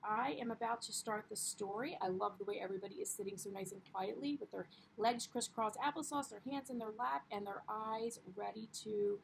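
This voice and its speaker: A woman's voice: mid-range voice, a little fast, creaky, hardly any pauses, slight background noise, rough recording. A young woman teaching a primary class, upbeat and encouraging, with frequent ums as she explains the lesson. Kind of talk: classroom read-aloud lesson.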